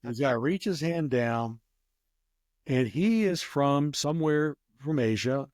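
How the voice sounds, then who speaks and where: A man's voice: medium pitch, expressive, slow pace, darkish tone, no echo, clean studio sound. A man telling a rambling casual story as an interview guest, with many restarts. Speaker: guest, craps player.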